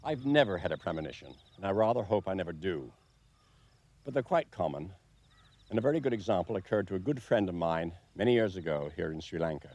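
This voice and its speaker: A man presenting a documentary, telling a story in a measured, dry way. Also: low voice, animated, darkish tone. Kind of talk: documentary narration to camera.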